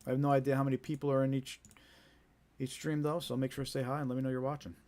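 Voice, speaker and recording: A man's voice: medium pitch, little pitch movement, quick pace, darkish tone. A man with a New Jersey accent hosting a live stream, talking in a chatty, conversational way with many fillers and repeated starts. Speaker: host of a scam awareness live stream. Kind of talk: casual live-stream chat.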